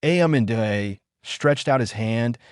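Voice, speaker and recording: A man reading a translated web novel aloud as an audiobook narrator, keeping one voice through narration and dialogue with uneven pauses. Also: medium pitch, clean tone, no echo, studio quality.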